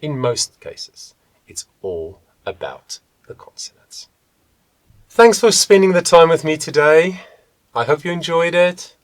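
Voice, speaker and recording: A man teaching a voice lesson as a vocal coach, talking in a deliberate, emphatic way and stressing key words. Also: a little high, no room sound. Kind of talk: video voice lesson.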